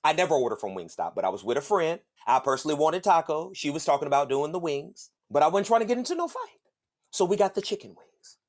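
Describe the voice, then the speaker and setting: A man's voice: a little high, quick pace. A man from the States, hosting a podcast and telling a story in a casual, profane way. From Southern United States. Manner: animated, profane, acts out other voices. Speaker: podcast host.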